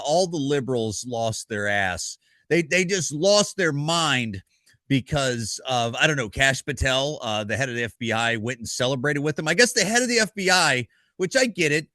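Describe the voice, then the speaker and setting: A man's voice: mid-range voice, bright, forceful tone, dry recording. A middle-aged man ranting in a casual vlog, rambling and blunt, with lots of profanity, restarts, stammers and rhetorical questions to the listener. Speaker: vlogger.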